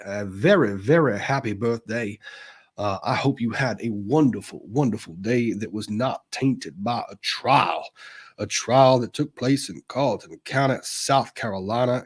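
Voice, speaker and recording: A man putting on a Southern accent to play a formal, flowery Southern gentleman offering birthday wishes, with a husky voice. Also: lowish voice. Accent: Southern US (put on). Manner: slow, formal, flowery wording.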